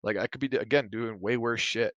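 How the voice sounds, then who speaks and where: In a dry-sounding, dull recording with no room sound, a man speaks a little fast in a mid-range voice with fairly even intonation. He's hosting a casual solo podcast, ranting heatedly and profanely, his speech loaded with "you know" and "like."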